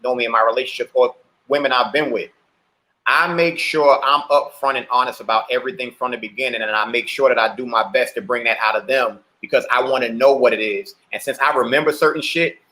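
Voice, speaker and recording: A man's voice: mid-range voice, steady tone, pushed and bright. A man on a casual talk panel, speaking bluntly with plenty of profanity. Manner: blunt, profane, fast-talking. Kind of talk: casual chat.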